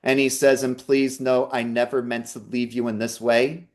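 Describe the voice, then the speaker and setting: A man's voice: medium pitch, flat delivery, normal speed, a little mellow. Earnest man giving a reading. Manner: earnest, reassuring, relays messages in quotes. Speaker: psychic medium. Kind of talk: live online talk and reading.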